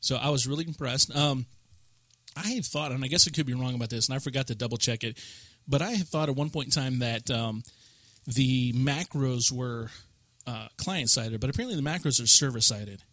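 A man co-hosts a relaxed gaming podcast, talking in a chatty, rambling way. His voice has a bright, forward tone of medium pitch. The studio sound is dry and close. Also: brisk, dry recording. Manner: chatty, rambling gamer talk. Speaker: podcast co-host. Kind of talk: casual chat.

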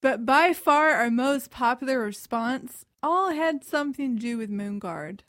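A woman with a somewhat high voice chats on a podcast in a wry, relaxed way, tossing in questions and asides. Her voice is close and dry, with no room echo. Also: a little slow. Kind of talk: casual chat.

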